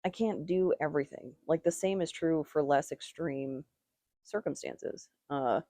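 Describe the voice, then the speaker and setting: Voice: mid-range voice, a little slow, dark tone, no echo. A tarot reader giving a casual, rambling reading, with strong opinions and lots of "like" fillers.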